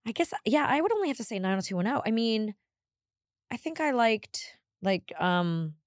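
A woman in her forties co-hosting a podcast, telling stories in a casual, animated way with bursts of exasperated emphasis. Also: a little high, moderate pace, no echo, clean studio sound. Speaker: podcast co-host. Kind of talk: casual chat, storytelling.

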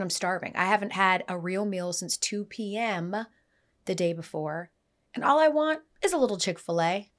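A woman hosting a casual podcast, telling stories with lively energy and acting out the people in them. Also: medium pitch. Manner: animated storyteller, voices the people in her stories. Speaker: podcast host.

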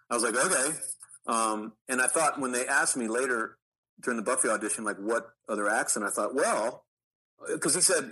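A middle-aged man talks as a guest, telling stories from his acting past with eager restarts. His voice sits a little low, bright and forward in tone, with a husky grain. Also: poor audio. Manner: animated anecdotes with frequent restarts. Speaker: actor guest. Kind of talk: storytelling interview.

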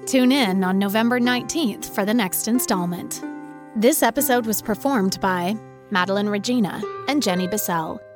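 A woman reading a podcast's closing credits in a measured, formal style. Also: mid-range voice. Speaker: podcast host. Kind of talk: scripted outro narration. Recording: music under the voice.

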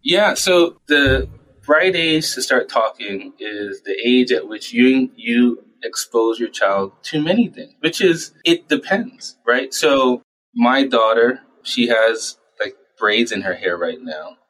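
A young adult man, a child psychiatrist, giving conversational interview answers and acting out parents and himself in quick little voices. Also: medium pitch, lively intonation, fairly bright tone, low-quality recording. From United States.

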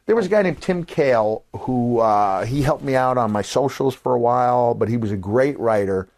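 An older man hosting a podcast, telling animated stories and acting out the voices of people he quotes, sometimes jumping to a shout for a punchline. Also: mid-range voice, normal speed, dry recording. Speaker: podcast host. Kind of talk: casual storytelling.

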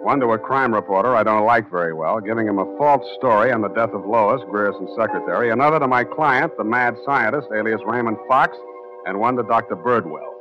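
A man's voice: fairly low pitch, a little fast, over music, close to an everyday voice. An actor playing a wisecracking, hard-boiled male private detective in a 1940s radio drama, with dry, clipped narration. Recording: dull lo-fi old radio broadcast.

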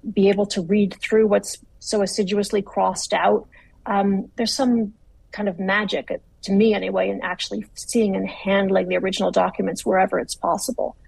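A woman author gives careful, articulate answers, circling back and restarting her phrases as she thinks. Her voice is husky with a gravelly edge, and the recording is dry and close. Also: medium pitch, darkish tone, dry recording, poor audio. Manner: articulate, measured, with frequent restarts. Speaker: author, interview guest. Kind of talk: thoughtful interview answers.

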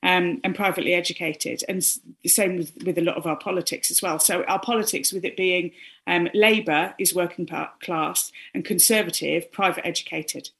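A woman's voice: fairly low pitch, steady tone, normal speed, gravelly, fairly bright tone. A woman from northern England, her northern accent mostly lost, chatting as a guest on a talk show with frequent ums and restarts. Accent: softened northern English, mostly lost. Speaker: guest speaker. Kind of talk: casual chat on a talk show.

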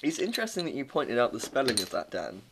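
A man's voice: medium pitch, huge pitch swings, fast talker, creaky, noisy background. A young man from England co-hosting a podcast, chatting casually, telling stories and joking. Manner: chatty, jokey storytelling, laughs often. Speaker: podcast co-host. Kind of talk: casual chat.

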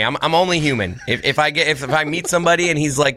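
Bright, fast-talking man. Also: fairly high pitch, a little hiss or hum. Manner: quick, upbeat, retells stories with quoted lines. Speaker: podcast co-host. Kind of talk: casual chat.

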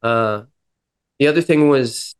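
A man's voice: medium pitch, slow pace, clear, resonant tone. A young man, a podcast guest, telling his personal story in an earnest, reflective way and often acting out the dialogue. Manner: earnest, reflective, quoting himself and others in dialogue.

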